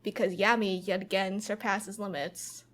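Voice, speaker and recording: A woman co-hosting a casual podcast, chatty and quick to laugh. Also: medium pitch, fairly even intonation, a bit bright. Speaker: podcast co-host. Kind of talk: casual chat.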